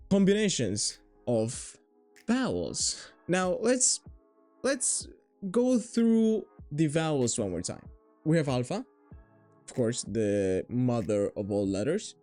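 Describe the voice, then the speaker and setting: A man's voice: on the high side, a little mellow. A man giving a playful, jokey video lesson on his alphabet, swearing now and then. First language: Greek. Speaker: language teacher.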